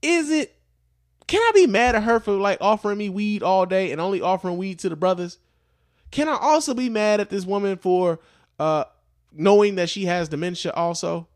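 A man's voice: high-pitched, lively intonation, normal speed, dry recording, clean studio sound. A man hosting a podcast, telling a story casually with profanity and lots of fillers. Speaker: podcast host.

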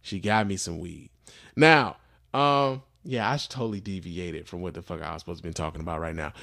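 A man's voice: sits low, brisk, gravelly, fairly bright tone, dry recording, studio quality. A man hosting a podcast, telling a story casually with profanity and lots of fillers. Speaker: podcast host.

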